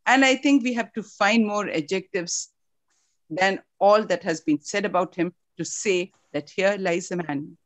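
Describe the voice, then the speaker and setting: A woman's voice: medium pitch, a little slow. A woman with an Indian English accent, a former school principal, giving an earnest memorial tribute over a video call and slipping into Hindi phrases.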